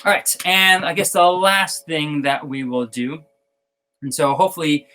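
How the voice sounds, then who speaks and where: A man's voice: on the high side, measured pace, sharp tone, clean tone. A man giving an online drum technique lesson, explaining exercises with fillers and self-corrections and chanting syllables in time as he counts off. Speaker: percussion teacher.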